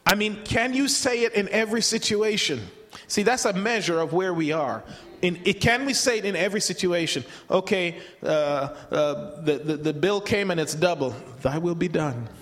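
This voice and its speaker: At a normal speed, a man with a high, slightly bright voice preaches in a conversational style. He repeats words and restarts as he acts out the voices he quotes, and the recording carries a long hall reverb.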